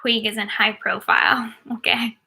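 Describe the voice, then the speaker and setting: A woman's voice: on the high side, steady tone, normal speed, gravelly, pushed and bright, slightly rough. A woman in her thirties, a sports agent, casually answering viewer questions while watching a game, with many ums and likes.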